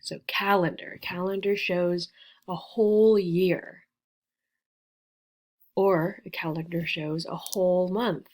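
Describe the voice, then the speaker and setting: A woman teaching a beginner English lesson, spelling out and repeating words slowly with careful, clear pronunciation. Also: fairly low pitch, fairly even intonation, a little mellow.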